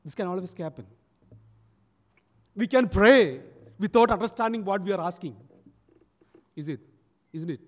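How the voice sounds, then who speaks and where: A man's voice: high-pitched, animated, normal speed, pauses often. A man preaching a sermon, telling a story and acting out its people. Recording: long church reverb.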